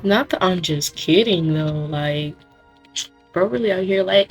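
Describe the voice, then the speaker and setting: A woman's voice: mid-range voice, expressive, normal speed, breathy edge, soft background music. A young woman with a scratchy voice giving joking, self-mocking commentary while playing a horror game. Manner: jokey, self-mocking, giggly asides. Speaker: gamer. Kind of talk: let's play commentary.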